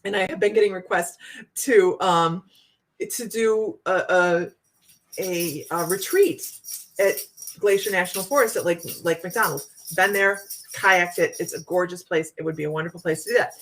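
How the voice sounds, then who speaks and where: A woman's voice: lowish voice, moderate pace, a little hiss or hum. Laughing storyteller woman from Ohio. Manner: animated, laughs often while telling the story. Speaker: psychic host telling a story to viewers. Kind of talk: casual storytelling livestream.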